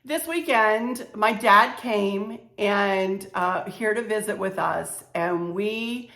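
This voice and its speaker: A woman with a Southern American accent and a hoarse, strained voice, chatting casually to camera as a home decor vlogger, rambling with many fillers. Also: medium pitch, takes it slowly, a bit bright, reverberant.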